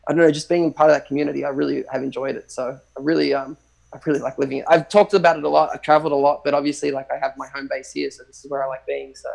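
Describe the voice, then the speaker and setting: A man's voice: medium pitch, level tone, very fast, vocal fry, a little mellow, rough recording. An Australian man chatting casually as a livestream guest, rambling and thinking aloud with many restarts. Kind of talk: casual chat.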